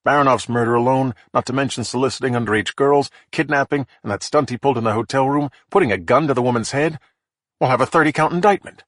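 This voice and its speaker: A man voicing a forceful prosecutor. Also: medium pitch, fast, no echo, clean studio sound, pitched above the performer's own voice, lightly acted.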